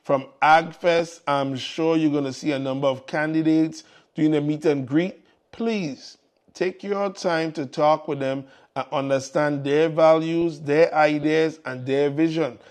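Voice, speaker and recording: A man's voice: on the high side, fairly even intonation, measured pace. Upbeat man hosting live. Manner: upbeat, repetitive exhortations to the audience. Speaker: morning show host. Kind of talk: casual live show chat.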